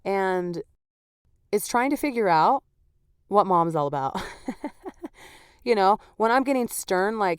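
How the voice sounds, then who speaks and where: With a clear, resonant, medium-pitched voice that nonetheless sounds worn, a woman hosts a casual solo podcast, talking slowly and expressively with frequent pauses. She's candid and chatty, laughing often and saying "like" and "you know" a lot. Clean studio audio with no room sound.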